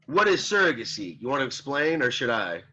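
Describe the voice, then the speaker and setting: A male instructor talks through an ethics class in a loose, rambling way, full of fillers and restarts. His voice is bright and forceful, at an ordinary pitch. The recording sounds slightly muffled. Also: sing-song, brisk. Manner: reads out student comments and answers them. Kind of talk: casual classroom lecture.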